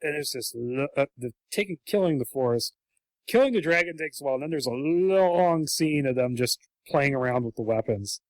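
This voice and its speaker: A man's voice: medium pitch, animated, moderate pace, no echo. A man co-hosting a podcast, chatting casually and acting out quotes in comic voices. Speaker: podcast co-host.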